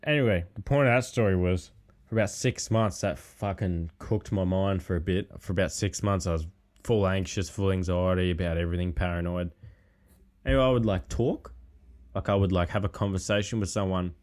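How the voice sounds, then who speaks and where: Aussie guy on a podcast, kinda low voice, rambly and chill, swears heaps. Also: a little fast, darkish tone. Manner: laid-back, rambling, heavy swearing. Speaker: podcast guest. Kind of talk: casual chat.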